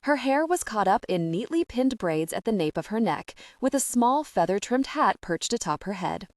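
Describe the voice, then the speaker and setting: A woman narrating an audiobook in clear, even storytelling. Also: medium pitch, normal speed, hardly any pauses, dry recording, clean studio sound. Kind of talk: scripted narration.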